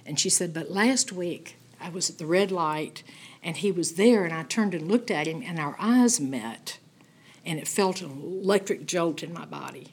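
An older woman leads a Bible study. Her voice sits low and sounds husky. She tells stories in a folksy, animated way and slips into the voices of the people she quotes. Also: moderate pace. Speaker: Bible teacher. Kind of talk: Bible study teaching with storytelling.

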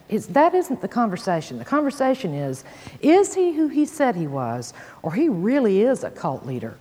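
A woman's voice: mid-range voice, huge pitch swings, normal speed, mellow, breathy edge. A woman teaching a sermon, reading scripture with dramatic emphasis and folksy asides to her listeners. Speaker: Bible teacher. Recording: long hall reverb.

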